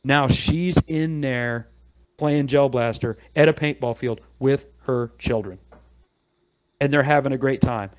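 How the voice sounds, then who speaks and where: A middle-aged man talking on a podcast, telling an animated story. He acts out the people he quotes as he goes. His pitch sits in the middle for a man. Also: a little slow. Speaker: podcast guest. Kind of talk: casual storytelling chat.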